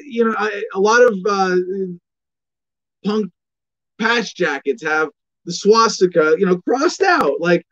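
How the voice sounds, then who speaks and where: Sarcastic ranting man, high voice. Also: lo-fi sound. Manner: sarcastic, animated ranting with many restarts. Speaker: host. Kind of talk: opinion commentary show.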